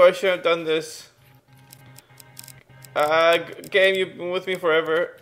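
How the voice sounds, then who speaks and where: A young man giving casual, excitable let's play commentary and reading game text aloud at home. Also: fairly high pitch, unhurried, long pauses, soft background music.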